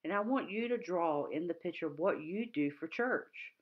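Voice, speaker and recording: A woman's voice: fairly low pitch, expressive, moderate pace, muffled recording, slight background noise. A young woman leading a children's church lesson, upbeat and encouraging as she talks straight to the kids. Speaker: children's ministry leader.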